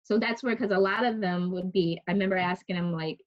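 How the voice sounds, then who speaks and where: A woman's voice: mid-range voice, quick pace, hardly any pauses. Chatty woman, lo-fi recording. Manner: chatty, many restarts and "like", laughs often. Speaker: interviewee. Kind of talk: casual storytelling conversation. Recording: dull lo-fi recording.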